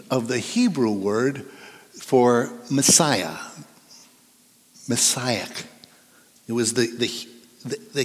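Lively middle-aged male pastor in a reverberant hall. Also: mid-range voice. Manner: conversational, playful, coaxing the congregation. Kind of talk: sermon. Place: church sanctuary.

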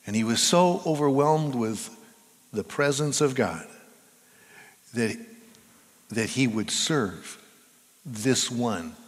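Male pastor, unhurried sermon delivery that swells and drops, long hall reverb. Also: mid-range voice, lively intonation. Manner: preaching with swings between hushed and loud emphatic delivery.

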